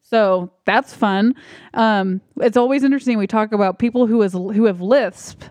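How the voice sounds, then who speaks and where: A woman's voice: a little high, moderate pace, darkish tone, no echo. A woman co-hosting a movie podcast, chatting casually and rambling a bit, laughing often. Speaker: podcast co-host.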